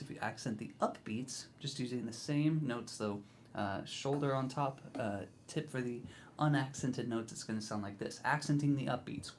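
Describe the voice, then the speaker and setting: A man teaching drums, explaining grooves in a relaxed, encouraging way, counting in and scatting rhythms. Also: mid-range voice, normal speed, background noise. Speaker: drum teacher. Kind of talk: instructional video talk.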